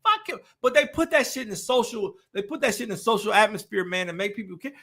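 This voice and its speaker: A man's voice: high voice, expressive, quick pace, vocal fry, a bit bright. A man hosting a casual podcast chat, ranting emphatically with a lot of swearing. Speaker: podcast host.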